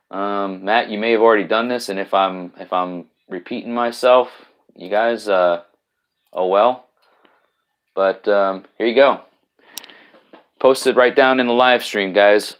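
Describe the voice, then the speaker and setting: A man with a lowish voice hosts a casual live stream from home, talking into his laptop. He rambles loosely, stumbling through fillers and restarts as he greets viewers and reads out their comments. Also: fairly even intonation, measured pace, pauses often.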